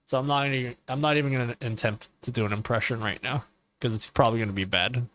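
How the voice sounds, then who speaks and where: A man's voice: mid-range voice, fairly even intonation, fast talker, a bit bright. A man chatting casually on a live stream, rambling, swearing and often checking in with his viewers. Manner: rambling and profane, keeps asking okay. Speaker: livestreamer.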